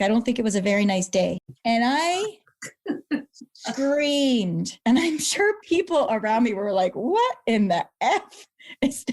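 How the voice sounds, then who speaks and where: Woman, middle-aged, kinda high voice, earnest and animated, retells her story. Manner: earnest, animated, repeats words when moved. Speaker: guest, brain injury survivor. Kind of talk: emotional personal storytelling.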